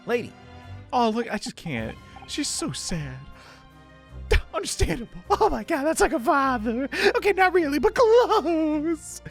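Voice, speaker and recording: A man's voice: extremely high pitch, very animated, a little slow, faint music behind. A man giving jokey, exclaiming commentary while playing through a game. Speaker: let's play host.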